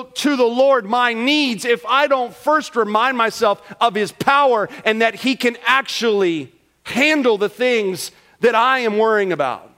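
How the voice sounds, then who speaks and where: A man's voice: very high-pitched, bright, forceful tone. A man pastor preaching a sermon in a church, emphatic and acting out prayers and quoted talk.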